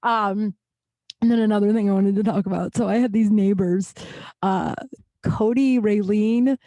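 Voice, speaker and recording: A woman's voice: medium pitch, normal speed, no room sound. A woman in her thirties hosting a podcast, telling childhood stories in a chatty, rambling way full of "like" fillers. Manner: chatty, lots of "like" fillers, animated retelling. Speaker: podcast host. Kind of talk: casual storytelling monologue.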